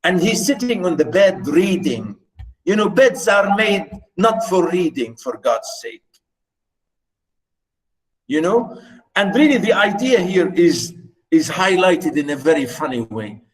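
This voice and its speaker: A man's voice: high-pitched, very animated, a little slow, poor audio. A man teaching a literature lesson online, chatty and emphatic, often asking the class questions.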